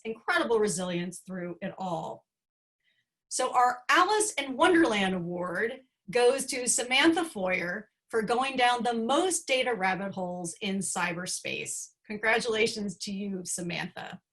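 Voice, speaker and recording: A woman's voice: medium pitch, a bit bright. A woman presenting humorous student awards at an online graduation ceremony, with a dry, playful delivery.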